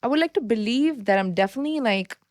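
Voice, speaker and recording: A woman's voice: fairly high pitch, dry recording, studio quality. A woman raised in India in her thirties, talking candidly and expressively as a podcast guest. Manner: heartfelt, expressive, quick to laugh. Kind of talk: candid interview talk.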